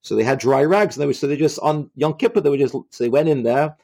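A man retelling a religious story in a halting way, often repeating himself. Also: on the high side, animated, creaky, warm tone.

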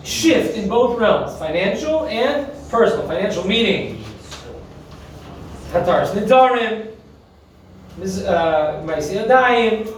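A man with a fairly high voice leads a Talmud class, firing questions at the room and hammering on key terms. He sounds far from the mic, in a very echoey room with faint noise behind. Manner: questioning, emphatic, mixes Hebrew terms. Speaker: teacher.

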